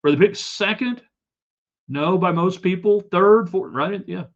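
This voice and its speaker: A man's voice: high voice, a little slow. Chatty man hosting sports talk. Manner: chatty, joking, reads viewer comments aloud. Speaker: sports talk show host reading chat. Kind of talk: casual live sports talk. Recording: slightly dull lo-fi sound.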